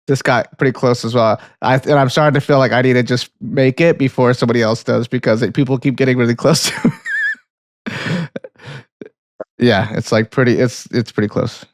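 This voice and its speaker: A man's voice: mid-range voice, moderate pace, no room sound, clean studio sound. A man co-hosting a casual movie podcast, laid-back and rambling, with lots of "yeah" and "like". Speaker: podcast co-host.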